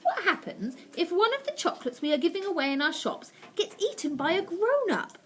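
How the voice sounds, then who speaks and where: A woman's voice: very high voice, big pitch swings, fairly quick, pitched above the performer's own voice. A woman voicing a curious female witch politely asking a question. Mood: inquiring.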